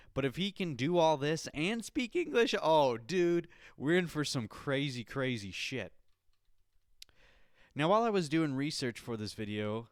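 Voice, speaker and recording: A man hosting a podcast in casual chat, excitable and swearing freely, calling the listener dude. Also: medium pitch, clear, resonant tone, dry recording, clean studio sound. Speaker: podcast host.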